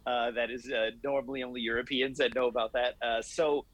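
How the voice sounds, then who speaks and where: A man who teaches martial arts, answering interview questions in a measured, explanatory way. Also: mid-range voice, flat delivery, a bit bright, no echo, rough recording. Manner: explanatory, measured, laughs easily.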